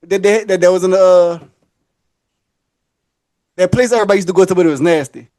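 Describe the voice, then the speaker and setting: A man's voice: sits high, a little fast. A man hosting a podcast, telling a long story in casual chat and acting out the people in it. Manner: animated, acts out the people in his stories. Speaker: podcast host.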